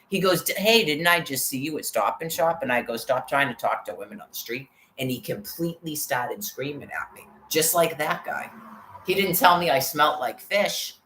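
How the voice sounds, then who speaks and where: A woman's voice: a bass voice, a bit bright. A woman vlogger telling a rambling, profane story about being harassed, in an agitated way. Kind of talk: rambling personal rant. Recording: roomy with faint background noise.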